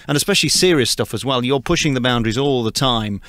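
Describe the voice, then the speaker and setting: A man hosts a radio interview at a fast clip, heaping praise on his guest. The studio sound is close and dry. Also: mid-range voice, fairly bright tone, dry recording. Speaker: radio host.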